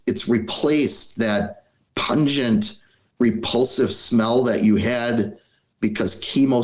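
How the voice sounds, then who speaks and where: A man's voice: fairly low pitch, darkish tone. A middle-aged man from Wisconsin, a podcast guest telling his own story in an earnest, reflective way with plenty of "you know" fillers. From Wisconsin, US Midwest. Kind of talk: personal storytelling in conversation. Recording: slightly dull, lo-fi audio.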